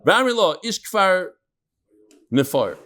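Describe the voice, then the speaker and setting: A middle-aged man hosting and teaching a lively, joking Talmud class to a live group, mixing English with Hebrew and Aramaic terms. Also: high voice, takes it slowly. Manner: animated, jokey, switching between English and Hebrew-Aramaic terms.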